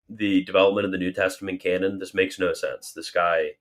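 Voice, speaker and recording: Guy with a low voice doing a chill stream q&a, goofy mock panic then serious explaining. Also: steady tone, a little fast. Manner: jokey, exaggerated mock alarm, then earnest explanation. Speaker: livestream host answering super chats. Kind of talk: casual livestream Q&A.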